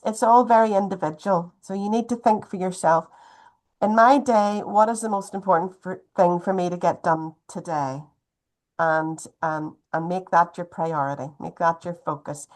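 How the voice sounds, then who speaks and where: Chatty woman, slightly low. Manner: gentle, chatty, uses wee often. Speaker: health talk presenter. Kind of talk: educational talk on a video call. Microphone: video call.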